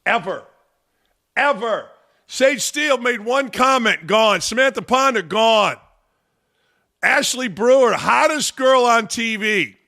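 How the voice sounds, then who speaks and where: A man's voice: very high voice, expressive, slow pace, gravelly, sharp tone. A man hosting a sports talk show, ranting in heated, profane commentary with mocking repetition.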